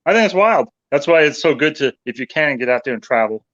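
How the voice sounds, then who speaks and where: A male paranormal investigator telling animated anecdotes in casual chat. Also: fairly high pitch, fast, dull audio. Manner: animated anecdote teller, voices others in quotes.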